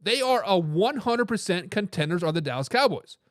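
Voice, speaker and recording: A man's voice: high voice, moderate pace, no room sound, studio quality. A man hosting a live sports talk stream, arguing his picks with lots of energy and reading out viewer comments. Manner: animated, hype phrases, frequent restarts. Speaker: sports talk show host.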